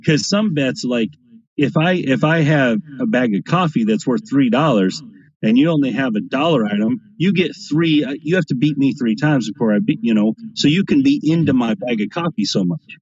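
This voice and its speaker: On lo-fi stream audio, a man appearing as a guest on a craps stream casually rambles through anecdotes, often checking in with "right?". His medium-pitched voice is expressive and a little mellow, moving at a normal speed.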